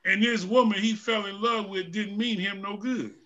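A man preaching a sermon in call-and-response style, with the congregation answering, building from speaking to shouted, fervent preaching. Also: high voice, fairly even intonation, normal speed, muffled recording.

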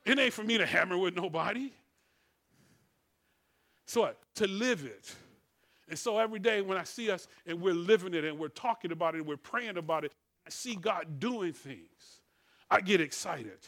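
A middle-aged man, preaching a sermon in call-and-response style, swinging between loud declarations and soft, murmured passages. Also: high-pitched, lively intonation, normal speed, long pauses. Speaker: pastor.

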